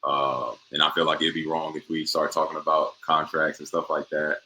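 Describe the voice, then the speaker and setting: A man's voice: a bass voice, little pitch movement, moderate pace, bright, forceful tone, a little hiss or hum, rough recording. A young man, a professional basketball player, answering interview questions in a laid-back way with many fillers.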